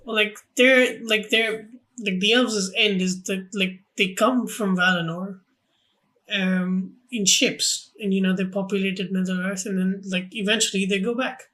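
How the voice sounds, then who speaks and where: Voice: medium pitch, steady tone, a little slow, bright, forceful tone. A podcast co-host explaining film lore in casual chat, hesitant and full of fillers.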